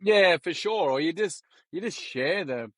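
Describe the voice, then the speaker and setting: An Australian man telling lively stories in a casual podcast chat, full of slang and acted-out quotes. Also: fairly high pitch, a little slow, dry recording, clean studio sound. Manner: animated yarn-telling, acts out quoted voices, slangy. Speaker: podcast guest.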